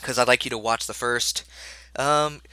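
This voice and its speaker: A man's voice: mid-range voice, steady tone, moderate pace, bright, forceful tone, smooth. A man giving a recorded video lecture to his class in a casual, rambling way, with many fillers and restarts while he is slightly ill. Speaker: college instructor.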